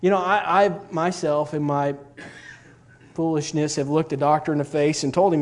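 Folksy preacher, slightly high voice. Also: male voice, fairly even intonation, normal speed. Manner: folksy, rambling storyteller with many fillers. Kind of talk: storytelling sermon.

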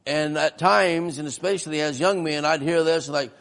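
A man's voice: on the high side, moderate pace, gravelly, a bit bright. A man preaching a sermon-style history lesson in a church, folksy and often asking the congregation questions.

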